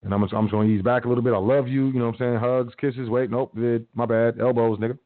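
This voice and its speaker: A man's voice: medium pitch, steady tone, fast, no room sound. A man hosting a radio show, giving casual motivational talk in a slangy big-brother tone, acting out little quotes. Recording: tinny phone-like audio.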